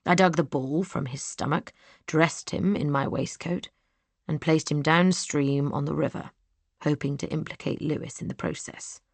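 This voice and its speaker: A woman reading cold scheming young gentleman, sneering, low and dry, hushed at times. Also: steady tone, normal speed, gravelly, no room sound. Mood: coolly boastful. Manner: cool, sneering, sometimes hushed. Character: cold scheming young man, villainous brother.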